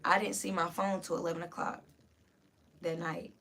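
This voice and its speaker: A woman guest on a podcast telling an emotional personal story in an animated way, full of "like". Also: on the low side, moderate pace, husky. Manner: animated, lots of "like", voices rising with the story. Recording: distant mic, faint room hiss.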